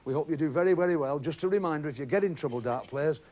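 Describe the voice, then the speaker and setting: A man's voice: a little high, racing, a little mellow. A middle-aged man hosting a TV game show in a studio, jovial and teasing, chatting with contestants. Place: TV studio with audience.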